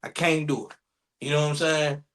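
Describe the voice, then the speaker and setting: A man's voice: fairly high pitch, steady tone, normal speed, a bit bright. A man co-hosting a podcast, chatting casually and joking around, often slipping into playful put-on voices. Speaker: podcast co-host. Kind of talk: casual comedic chat.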